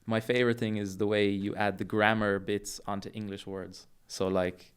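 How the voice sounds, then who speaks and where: A young Irish man, a jiu-jitsu coach, talking in a relaxed, enthusiastic way on a casual podcast. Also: lowish voice, moderate pace, clear, resonant tone.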